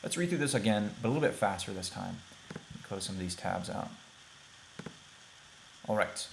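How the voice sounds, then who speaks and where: A man teaching a beginners' Hebrew lesson over a shared screen, talking plainly and repeating words slowly for pronunciation. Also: on the low side, animated, gravelly, slight background noise. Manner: plain, conversational, thinks aloud with fillers.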